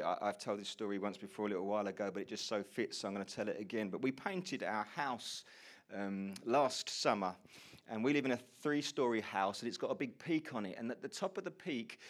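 A man telling a funny personal story in a sermon to a congregation, acting out his own lines loudly. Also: on the low side. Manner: animated storyteller, shouts quoted lines. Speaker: pastor. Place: church hall before a congregation.

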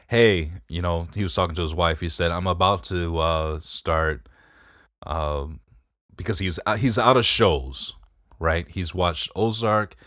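A man's voice: deep voice, a bit bright, no room sound, clean studio sound. A man hosting a podcast, rambling through a casual story and swearing freely. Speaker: podcast host. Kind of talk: casual chat.

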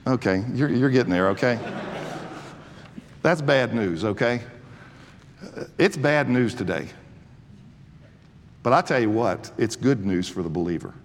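A man's voice: mid-range voice, animated, measured pace, pauses often, in a large hall. A man in his sixties preaching a sermon, swelling with fervor and often restarting his sentences. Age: 60s. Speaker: pastor.

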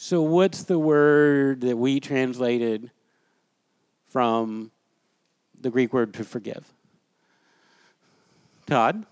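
A man's voice: medium pitch, steady tone, drawn-out words, long pauses, a little mellow, smooth, dry recording. A man teaching a Bible class in a chatty, storytelling way, putting questions to his listeners. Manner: conversational, quizzes the class, storytelling.

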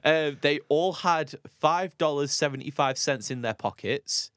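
A man's voice: a little high, a little slow, fairly bright tone, dry recording, clean studio sound. A young man telling a story in casual chat as a podcast co-host, rambling and laughing with many restarts.

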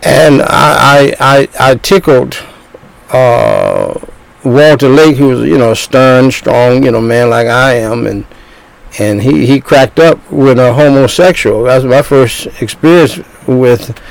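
A man's voice: mid-range voice, animated, slow, creaky, dry recording, rough recording. An older man in his sixties preaching a sermon as a pastor, talking in bursts with repeated words and restarts.

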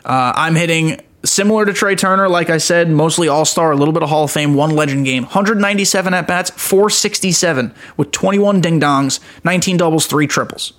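A man's voice: on the high side, fairly quick, few pauses, fairly bright tone. A young man hosting a casual gaming podcast, rambling and enthusiastic, poking fun at himself as he goes. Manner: rambling, self-mocking, enthusiastic. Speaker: podcast host.

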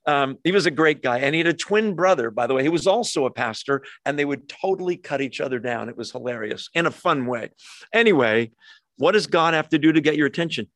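A man's voice: on the high side, expressive, fairly quick, a bit bright, dry recording. A middle-aged man preaching a sermon in a conversational way, with rhetorical questions and humorous asides. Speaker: pastor.

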